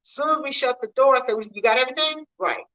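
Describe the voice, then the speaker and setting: Chatty bright-voiced woman vlogging. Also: sits high, quick pace, poor audio. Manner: chatty, animated, talks to viewers directly. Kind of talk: casual storytelling vlog.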